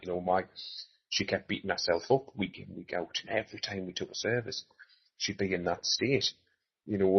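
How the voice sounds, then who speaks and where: A low-voiced English man, a medium, talks in a rambling, reflective way with plenty of fillers. His tone is husky, and the recording sounds dull and lo-fi. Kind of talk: reflective conversation at a live talk.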